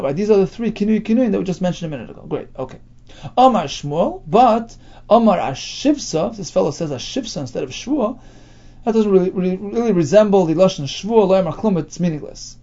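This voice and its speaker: A man's voice: high voice, mellow. A man teaching a daily Talmud class, reading phrases of the text and explaining them in casual English as he asks and answers his own questions. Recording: dull lo-fi class recording.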